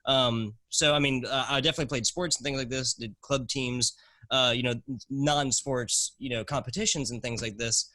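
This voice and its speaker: A man's voice: mid-range voice, steady tone, sharp tone, no echo, low-quality recording. A young man rattles off answers in a casual interview, full of fillers and restarts. His voice sits in a middling register, and the sound is dry and close. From South Carolina, US. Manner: fast-talking, rambling with fillers and restarts. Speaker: guest, esports commentator.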